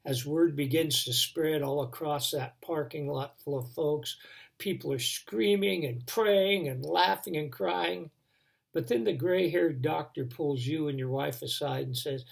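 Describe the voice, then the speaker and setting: A man telling a dramatic devotional story, building tension and then dropping to a hush. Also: fairly high pitch, measured pace, gravelly, husky. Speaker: devotion speaker.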